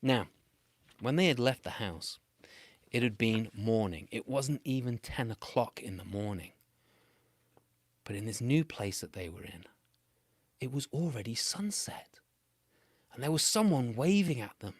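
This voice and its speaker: British man, storyteller, playful and animated, children's tale, mid-pitched voice, dry close sound. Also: moderate pace, no room sound. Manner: playful, animated, with big swings in pitch and loudness.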